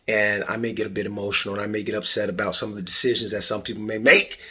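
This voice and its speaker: Middle-aged male podcast host, low husky voice, playful and animated, casual chat. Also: racing. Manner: playful, animated, jokey asides. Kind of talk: casual podcast intro monologue.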